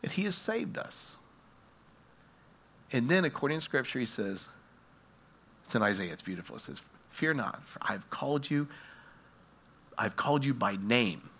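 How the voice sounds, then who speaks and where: A man preaching a sermon, telling stories dramatically and swinging from hushed tones to loud ones. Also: medium pitch, expressive, moderate pace, long pauses, husky.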